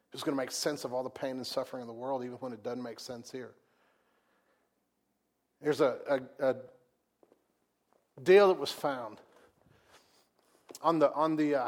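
Male pastor, mid-pitched, conversational preacher with loud, emphatic peaks and hushed drops. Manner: conversational, repeats words and restarts. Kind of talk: sermon.

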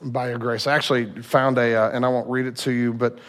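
A man's voice: mid-range voice, level tone, a little fast. A man preaching a sermon to his church congregation in a conversational, self-deprecating way, joking with the listeners. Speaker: pastor. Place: church sanctuary.

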